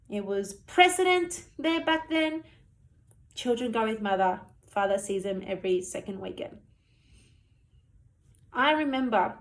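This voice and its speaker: A woman in her thirties giving an earnest, heated personal testimony, full of "you know" and "like". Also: mid-range voice. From Australia. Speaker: storyteller recounting her childhood.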